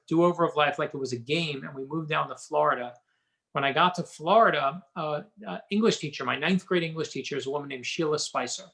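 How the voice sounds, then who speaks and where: A middle-aged man, an author being interviewed, telling personal stories in an animated, anecdotal way. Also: on the high side. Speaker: author guest. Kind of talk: interview storytelling.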